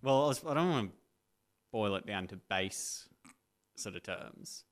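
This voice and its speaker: A man's voice: fairly low pitch, expressive, a little slow, clear, resonant tone. A man co-hosting a comedy radio show with dry, self-deprecating remarks. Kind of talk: casual radio banter.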